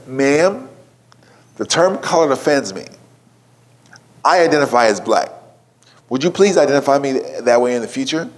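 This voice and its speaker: Man giving a storytelling keynote. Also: mid-range voice. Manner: conversational storytelling to a live audience, asks the room questions. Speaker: keynote speaker. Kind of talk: conference keynote talk.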